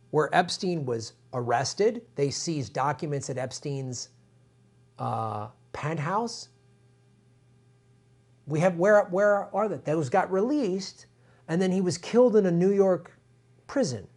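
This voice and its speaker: On his political live stream, a middle-aged man vents fury at viewers directly, loaded with profanity and repetition. He has a fairly high-pitched, darkish voice.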